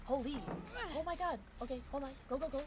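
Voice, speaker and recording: A woman's voice: high-pitched, quick pace, darkish tone, a little hiss or hum. A young woman streaming a game, chatting casually and giggly with her viewers. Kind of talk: casual gaming stream chat.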